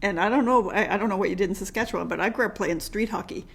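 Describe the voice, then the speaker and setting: A woman's voice: mid-range voice, very fast, creaky, breathy edge. A middle-aged woman from Canada co-hosting a podcast, talking emphatically with many restarts. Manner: emphatic, repeats words, restarts often. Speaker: podcast co-host. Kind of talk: casual chat.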